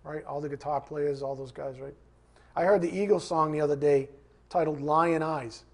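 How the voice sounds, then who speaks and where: A man's voice: fairly high pitch, fairly even intonation, normal speed, vocal fry. A man preaching a sermon, repeating scripture references and putting questions to his congregation in an emphatic style. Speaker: pastor.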